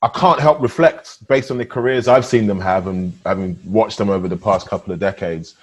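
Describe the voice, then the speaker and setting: A man from England hosting an interview, speaking in a measured, reflective way in a casual conversation. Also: lowish voice. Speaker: interview host.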